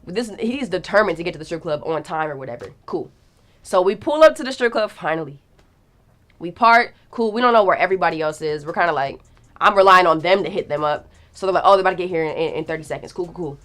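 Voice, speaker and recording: Animated young woman telling a story. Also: fairly low pitch, fairly quick. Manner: animated, slangy, acts out quotes. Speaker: guest storyteller. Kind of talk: casual storytelling.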